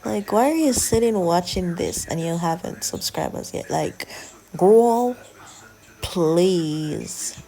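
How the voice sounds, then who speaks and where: A young woman chatting casually in a soft, often half-whispered drawl as she narrates a hair-braiding tutorial. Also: lowish voice, lively intonation, normal speed, creaky, hardly any pauses. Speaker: hair vlogger.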